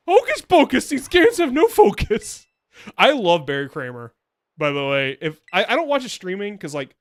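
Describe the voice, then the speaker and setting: A man's voice: on the high side, fairly bright tone. A young man, a VTuber, chatting casually while streaming a game, rambling and laughing often. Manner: rambling, chatty, laughs often, silly sing-song asides. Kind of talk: casual gameplay stream chat.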